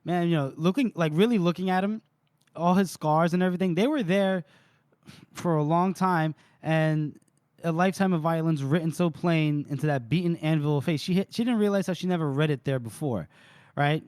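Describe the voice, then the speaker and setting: A man's voice: a little high, moderate pace, a little mellow, clear, resonant tone, no echo, studio quality. A man co-hosting a podcast, casually retelling book chapters and quoting the characters' lines with frequent laughter. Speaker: podcast co-host recapping chapters. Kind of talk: casual book recap chat.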